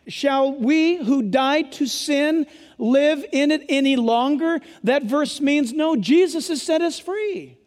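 A male pastor preaching an impassioned, emphatic sermon to a church, at times yelling. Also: extremely high pitch, slow pace. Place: church sanctuary. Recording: long hall reverb.

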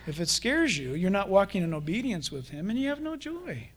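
A man preaching a sermon as pastor, animated and conversational, acting out playful little dialogues with his congregation. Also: sits high, brisk, slightly rough.

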